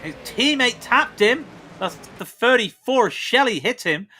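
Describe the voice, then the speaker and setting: A man's voice: extremely high pitch, animated, pushed and bright, slight background noise. A young man commentating a sim race in a chatty, bantering way. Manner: chatty, bantering, quick asides.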